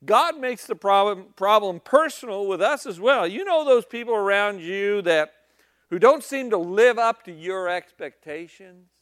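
A man's voice: sits high, expressive, unhurried, a bit bright, no room sound, studio quality. A man preaching a sermon in a conversational, emphatic storytelling manner.

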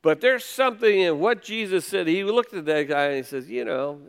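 A man's voice: sits high, lively intonation, moderate pace, vocal fry, smooth. A man preaching a conversational sermon, reading scripture and retelling it in casual everyday words. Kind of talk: sermon teaching.

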